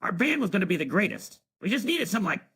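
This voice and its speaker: A male voice playing a hyper, dim-witted cartoon teenage boy with a very raspy, shrill voice, giggling and blurting in an AI-generated chat stream. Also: very animated, fast, a bit bright, heavily acted.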